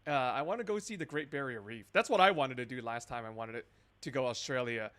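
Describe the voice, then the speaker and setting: Lively, chatty male streamer. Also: mid-range voice, brisk. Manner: chatty, laughing asides, rambling. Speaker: scambaiting streamer. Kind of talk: live-stream commentary.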